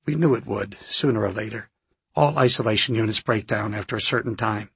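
A man voicing a calm, measured senior scientist. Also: medium pitch, husky, dry recording. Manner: measured, reassuring.

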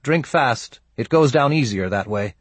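A man voicing a cold, scheming young barmaid, in a husky voice. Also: mid-range voice, expressive, measured pace, dry recording. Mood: bright.

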